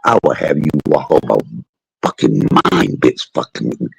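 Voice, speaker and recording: A man's voice: extremely low pitch, sing-song, normal speed, gravelly, a little mellow, slightly rough, dry recording, full character voice. A man quoting a tough, cussing woman. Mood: scolding. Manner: aggressive, swearing, confrontational. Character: tough, cussing woman who stands her ground.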